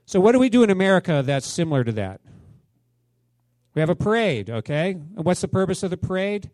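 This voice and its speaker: A man's voice: high-pitched, big pitch swings, a little fast, a little mellow, no echo. A man preaching a sermon to his congregation in a conversational way, often asking them questions. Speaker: pastor.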